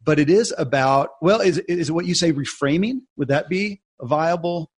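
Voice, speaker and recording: A man's voice: fairly high pitch, moderate pace, slightly rough. A man hosting an interview show, asking long, searching questions and reading the show's links. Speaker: podcast host.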